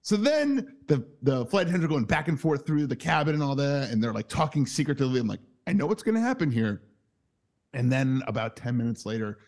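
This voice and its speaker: Guy in his 30s telling a story on a podcast, laughs a lot, swears, jumps way up in pitch doing quotes. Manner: animated, acts out quotes with big pitch jumps; laughs through his stories, swears freely. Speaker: podcast co-host. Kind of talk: casual storytelling chat.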